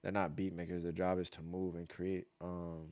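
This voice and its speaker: A man's voice: deep voice, flat delivery, moderate pace, darkish tone. A man giving blunt, profane live-stream commentary, repeating points for emphasis and vocalizing beat patterns aloud. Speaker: streamer reacting to dance battles.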